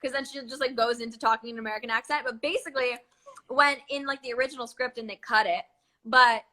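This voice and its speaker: A young woman, an actress, chatting casually in an interview, full of fillers and quick laughs. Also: a little high, steady tone, pushed and bright. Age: young adult. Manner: chatty, lots of "like" and "um", laughs often. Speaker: actress guest.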